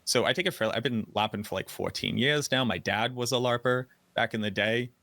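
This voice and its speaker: A man's voice: mid-range voice, a little fast, gravelly, sharp tone, no echo. A man from the North Shore of Boston with a light Boston accent, a guest telling stories in a chatty, self-deprecating way on a casual podcast. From North Shore of Boston, USA. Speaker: guest content creator.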